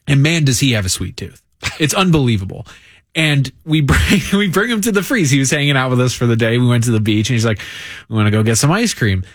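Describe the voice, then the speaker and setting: A man's voice: medium pitch, big pitch swings, fast, no room sound. A man from Illinois telling a story on morning radio in a studio, affable and laughing. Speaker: radio host. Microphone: close studio mic.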